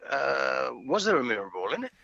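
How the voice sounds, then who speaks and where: Male caller, easygoing, bright-toned voice over a dull, dry phone line. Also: medium pitch, big pitch swings, a little fast, gravelly, no echo. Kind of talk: phone call to a chat show. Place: home den.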